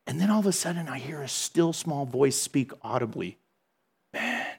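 A middle-aged man giving a storytelling sermon in a lively, conversational way, laughing at himself. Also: medium pitch, brisk, gravelly, breathy edge. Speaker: Christian speaker.

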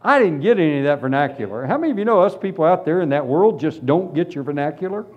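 A man preaching a humorous sermon testimony, telling his story in an animated, self-deprecating way. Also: a little high, fast talker. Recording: dull lo-fi recording.

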